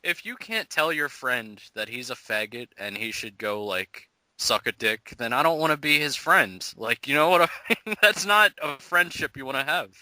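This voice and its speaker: A young man co-hosting a casual podcast, animated and mocking, swearing and mimicking people. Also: medium pitch, normal speed, no room sound. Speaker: podcast co-host. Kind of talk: casual profane chat.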